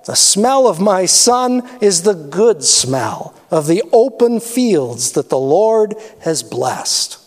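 A man voicing an aged, blind father in a grave, measured reading. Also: sits high, very animated, heavily acted. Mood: solemn. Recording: long hall reverb.

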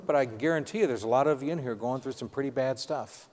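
A middle-aged man preaching a sermon testimony in an earnest, halting storytelling manner, speaking directly to his audience. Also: mid-range voice, lively intonation, a little mellow. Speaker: preacher sharing a personal testimony. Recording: long hall reverb.

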